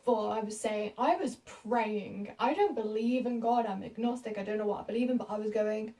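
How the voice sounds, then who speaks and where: A woman's voice: a little high, moderate pace, warm tone, distant mic, rough recording. A British young woman in her late teens, telling a story to camera in a rambling, giggly, self-mocking way. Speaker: vlogger.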